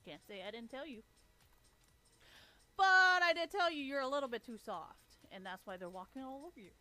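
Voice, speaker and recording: A woman's voice: high voice, expressive, normal speed, bright, forceful tone. A woman on a livestream ranting with a profane, taunting, sarcastic manner. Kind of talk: livestream rant.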